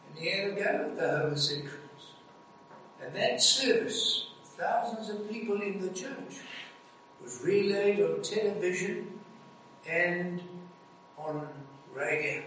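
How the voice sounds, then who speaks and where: A man with a high voice preaches a dramatic sermon at an unhurried pace, leaning hard on slow, stressed phrases. His voice rings through a very echoey hall and is picked up from some distance. Faint background noise sits under it. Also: fairly bright tone.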